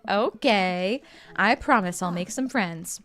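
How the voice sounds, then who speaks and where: A woman's voice: mid-range voice, slow, a bit bright. Young woman, streamer, casual game commentary, playful, reads text aloud, faint music behind.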